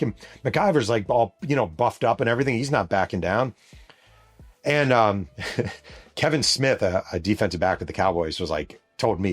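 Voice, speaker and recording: A man's voice: medium pitch, expressive, normal speed, faint music behind. A middle-aged man from New York State, hosting a podcast and retelling a story in a casual, profane, vivid way. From New York State, USA. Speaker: podcast host and author.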